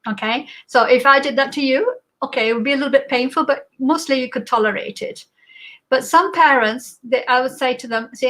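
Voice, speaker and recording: A woman giving a spiritual talk in a reflective way, pausing often with fillers. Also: high-pitched, sharp tone, low-quality recording. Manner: reflective, with many pauses and fillers. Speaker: guest speaker.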